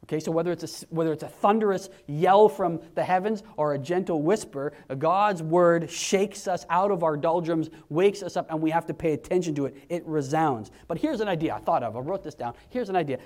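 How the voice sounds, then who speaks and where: A man in his forties preaching a sermon in a conversational, animated way, acting out quotes in hushed and raised voices. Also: fairly high pitch, a little fast, hardly any pauses. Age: 40s.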